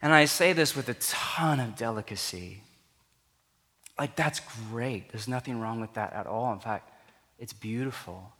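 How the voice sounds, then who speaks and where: A pastor speaks earnestly and conversationally at a measured pace, his mid-range voice fairly bright and rising for emphasis. His sermon echoes with the long reverb of a large hall.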